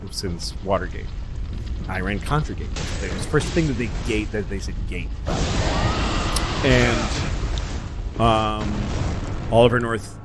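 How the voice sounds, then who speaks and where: A man co-hosting a podcast, telling long rambling stories in casual chat, swearing freely and jumping into quick impressions. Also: fairly low pitch, very noisy. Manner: rambling, profane, jumps into impressions. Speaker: podcast co-host.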